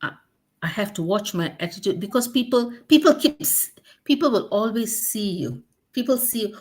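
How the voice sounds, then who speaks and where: A woman's voice: medium pitch, animated, moderate pace. Earnest woman speaking in a mid-range voice. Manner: earnest, repeats words for emphasis. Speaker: host. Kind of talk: casual chat.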